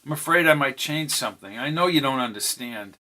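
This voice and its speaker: A man's voice: medium pitch, expressive, a little fast, pushed and bright. A man reading an audiobook, voicing a mysterious young woman from the future with a perky, proper, almost British accent. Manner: perky but proper, guarded. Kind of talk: audiobook character voice.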